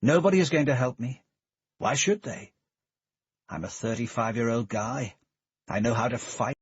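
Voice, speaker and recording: A man playing a desperate ex-soldier in his thirties, brooding and blunt. His husky voice stays close to the reader's own. The recording is dry and a little muffled. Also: medium pitch, expressive, moderate pace, no room sound. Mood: bitter. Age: 30s. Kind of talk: audiobook character voice. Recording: dull, dry studio recording.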